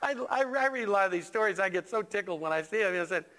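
A man's voice: high voice, fast, few pauses, sharp tone. A male pastor preaching a sermon in a church, joking with the congregation and stressing lines with emphatic repetition.

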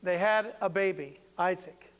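A man's voice: sits high, unhurried. An older man preaching an informal sermon in a folksy, playful way with many asides.

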